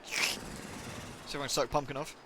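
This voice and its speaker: A man's voice: mid-range voice, little pitch movement, normal speed, background noise. A man chatting casually and playfully while live-streaming a game, reacting aloud and thanking viewers. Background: game music.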